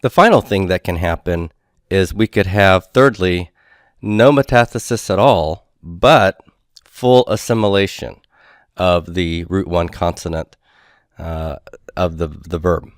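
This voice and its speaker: Man, deep low voice, grammar lecture, patient step-by-step teaching, dry close sound. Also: dry recording. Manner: patient, explains step by step, checks in with "okay"; sounds out words slowly and repeats them. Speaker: Biblical Hebrew instructor.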